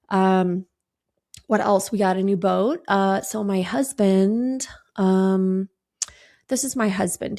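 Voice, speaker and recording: A woman in her thirties hosts a laid-back solo podcast, chatting breezily, swearing casually, and acting out quoted conversations. Her voice is lowish, creaky, and a little mellow.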